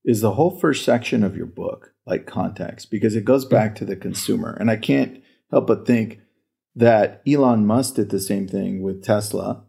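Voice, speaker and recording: Mellow, gravelly laid-back man. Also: lowish voice, normal speed. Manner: laid-back, uses "dude" and "bro". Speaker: podcast host. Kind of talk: casual podcast conversation.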